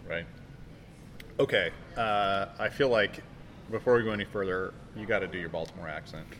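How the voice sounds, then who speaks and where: An easygoing male podcast host from the Pacific Northwest asks his guests chatty questions. His voice sits on the low side. Clear ambient noise runs behind the conversation. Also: moderate pace. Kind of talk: casual interview conversation.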